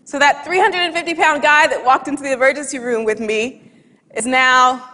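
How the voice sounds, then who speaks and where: A woman giving a humorous storytelling talk on stage, lively and laughing at her own anecdote, into a headset or lapel mic. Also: sits high, moderate pace. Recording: long hall reverb from a stage talk.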